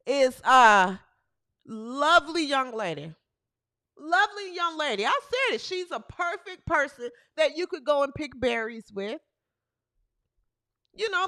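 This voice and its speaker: A woman hosts a sports talk show, ranting emphatically and repeating phrases to drive her points home. Her voice is high-pitched and a bit bright.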